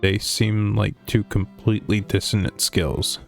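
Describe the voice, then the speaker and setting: Low gravelly guy reading game text on stream, faint music behind. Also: fairly even intonation, measured pace. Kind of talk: reading a visual novel aloud.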